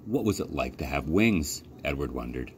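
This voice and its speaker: A man from a library youth program reading a children's novel aloud as expressive storytelling. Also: normal speed, slight background noise. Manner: expressive storytelling with lively pitch. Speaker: library youth services coordinator. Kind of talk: children's book read-aloud.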